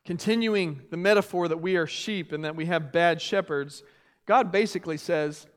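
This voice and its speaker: A pastor in his thirties preaching a sermon and reading scripture, earnest, his loudness rising and falling. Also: high voice, normal speed, long reverb tail.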